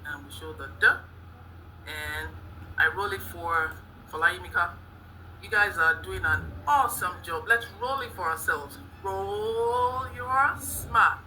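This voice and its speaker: A woman's voice: fairly low pitch, measured pace, pushed and bright, a little hiss or hum, low-quality recording. A woman demonstrating a phonics lesson, cheerfully praising the class and sounding out letters. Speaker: teacher trainee.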